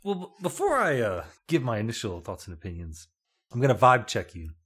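Lively, jokey male podcast co-host. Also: medium pitch, brisk, husky. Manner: animated, jokey, laughs often. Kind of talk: casual podcast chat.

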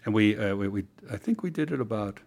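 A man's voice: fairly low pitch, animated, fast, a little mellow. A man, a guest on an interview show, telling a story in casual chat with many fillers and restarts.

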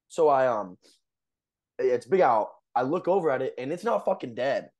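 A man's voice: medium pitch, sing-song, a little slow, darkish tone. A young man on a podcast telling a story in a casual, rambling way, full of fillers and laughs. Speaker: podcast co-host.

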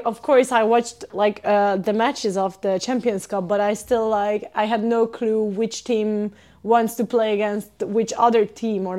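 A young woman from Hungary, a podcast guest telling stories in casual chat, animated and full of fillers. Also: a little high. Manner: animated storyteller, many fillers and laughs.

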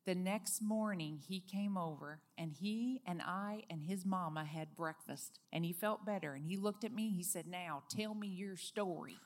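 A woman's voice: on the low side, moderate pace, hardly any pauses. Earnest woman telling a heartfelt story. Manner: lively storyteller, acts out quoted speech. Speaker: guest. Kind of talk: telling a personal faith story in an interview.

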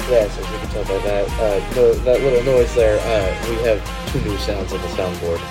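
A man's voice: lowish voice, steady tone, moderate pace, over loud music. A young man hosting a casual podcast, joking, swearing and hyping up introductions like an announcer. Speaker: podcast host.

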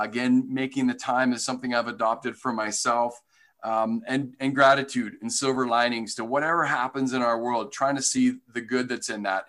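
A man's voice: medium pitch, a bit bright. A man guesting on a podcast interview, speaking earnestly and passionately about business, with lots of fillers and restarts.

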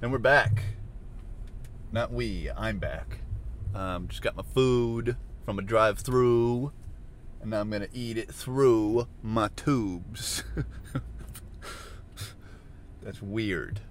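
A man's voice: lowish voice, takes it slowly. A man hosting a rambling solo podcast while driving, crude and self-mocking as he talks. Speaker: podcast host. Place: inside a moving car. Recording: steady car road noise.

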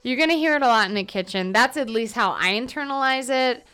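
On her solo podcast, a weary young woman rambles about her workday, wandering off topic and cutting herself off with frequent fillers. She speaks briskly in a fairly high, clean, somewhat bright voice with lively intonation.

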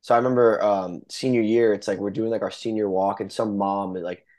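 A man's voice: lowish voice, fairly even intonation, brisk, darkish tone. Joking, foul-mouthed young male host. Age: young adult. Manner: loose, joking, swears freely. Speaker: podcast host. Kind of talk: casual podcast interview.

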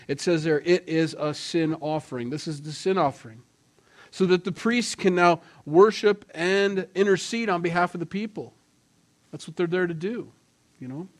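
A middle-aged man, a pastor, giving a conversational sermon and telling family stories along the way. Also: fairly high pitch. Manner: conversational, storytelling with family anecdotes.

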